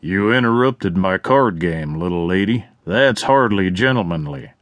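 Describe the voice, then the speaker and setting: A man voicing a cocky, smirking male outlaw gambler in a western audiobook, speaking in a low drawl. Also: lively intonation, a little slow, fairly bright tone, dry recording. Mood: smug taunting.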